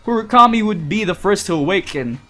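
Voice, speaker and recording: A man's voice: high voice, expressive, a little fast, a bit bright, soft background music. A man, a voice actor, casually reading a fan story aloud, playful and reacting as he goes. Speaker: voice actor and VTuber.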